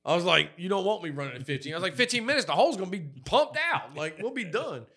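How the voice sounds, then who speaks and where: A man's voice: high voice, animated, fast, slightly rough. A man, co-hosting a podcast and telling profane work stories, acting out the people he quotes. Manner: profane storyteller, acts out quotes loudly. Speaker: podcast co-host. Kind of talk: crude casual chat.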